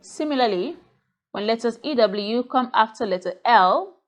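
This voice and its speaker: A woman's voice: a little high, expressive, moderate pace. A woman teaching English pronunciation, drilling word pairs one at a time and checking in with the class as she goes. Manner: drills minimal pairs, checks understanding with "Okay?" and "Clear?". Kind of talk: slow, deliberate phonics lesson.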